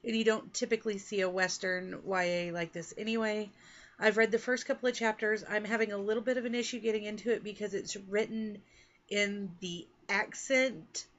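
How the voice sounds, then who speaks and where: A woman's voice: mid-range voice, lo-fi sound. A woman from Texas and Oklahoma, an author chatting casually to the camera about her reading and writing goals in a rambling, self-deprecating way. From Texas and Oklahoma, USA. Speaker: author and book vlogger.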